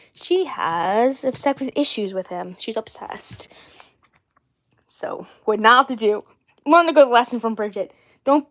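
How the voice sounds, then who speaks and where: A woman hosting a casual doll livestream, rambling and often clearing her throat. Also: fairly high pitch. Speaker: doll channel host.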